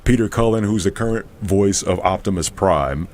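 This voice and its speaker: A man, a voice actor, chatting as a guest in an easygoing, unhurried way. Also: deep voice, darkish tone. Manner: easygoing, drawn-out with fillers. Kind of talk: casual interview chat.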